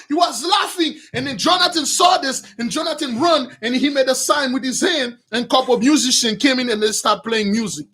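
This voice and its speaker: A man retelling a Bible story with lively, slangy commentary, calling his listeners brothers. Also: very high-pitched, a little fast, few pauses, husky, shouting.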